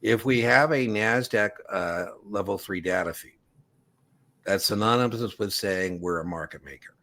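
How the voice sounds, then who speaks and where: A man with a fairly low voice leads an exam prep class. He explains things casually and leans on everyday analogies to make his points. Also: moderate pace, fairly bright tone. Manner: casual explanatory, uses analogies and acted quotes.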